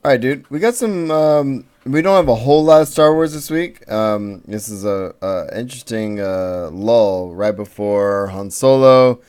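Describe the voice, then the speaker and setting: A man's voice: on the low side, unhurried, hardly any pauses, a little mellow. A man co-hosting a casual podcast, rambling with restarts and fillers. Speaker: podcast co-host. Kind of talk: casual chat.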